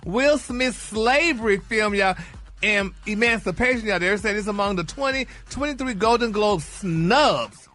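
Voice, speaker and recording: A man's voice: sits high, lively intonation, a little slow, bright, forceful tone. A man delivering celebrity gossip on a morning radio show, flamboyant and full of "honey" and "y'all".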